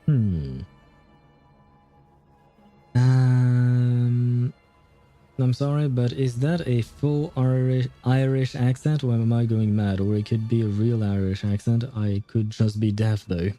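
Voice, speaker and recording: Male livestream host, relaxed and chatty, warm mid voice. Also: medium pitch, takes it slowly, soft background music. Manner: chatty, hesitant, laughs often. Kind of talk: gameplay commentary.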